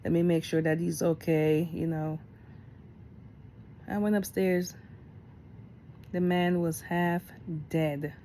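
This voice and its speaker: A woman's voice: lowish voice, takes it slowly, pauses often, slight background noise. Chatty woman telling a personal story. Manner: candid, chatty, animated when retelling. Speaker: vlogger.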